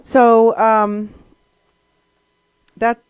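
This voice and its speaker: Slow-talking earnest woman host. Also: on the high side, flat delivery, clear, resonant tone, no room sound, rough recording. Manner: earnest, emphatic. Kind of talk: radio talk commentary.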